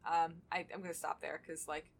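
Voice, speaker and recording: A woman's voice: sits low, flat delivery, fairly quick, creaky. Chatty woman podcaster reading fan fiction. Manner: chatty, laughs often, swears casually. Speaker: podcast co-host. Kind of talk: casual chat and reading fan fiction aloud.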